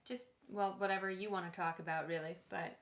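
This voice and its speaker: A woman's voice: fairly low pitch, steady tone, brisk, echoey room. A woman co-hosting a casual livestream chat, bubbly and playful, often breaking into laughs. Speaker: co-host, lawyer and actress.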